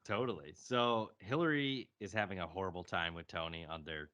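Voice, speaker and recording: A man's voice: low voice, fairly quick, pushed and bright. A man co-hosting a casual review podcast, recapping the plot with dry jokes. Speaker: podcast co-host.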